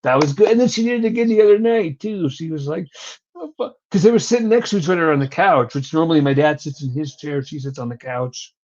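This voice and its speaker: A man's voice: a little high, fast talker, hardly any pauses, a little mellow. A young man co-hosting a casual wrestling recap, rambling and swearing as he tells stories. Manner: profane, rambling storyteller. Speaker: podcast co-host. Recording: dull lo-fi recording.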